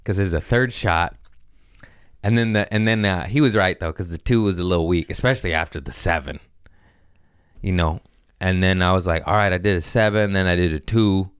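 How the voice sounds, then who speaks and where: Low-voiced man telling a profane comic story. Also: a little fast, clear, resonant tone, dry recording, studio quality. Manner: profane, animated, acts out other people's voices. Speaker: comedian guest on a podcast.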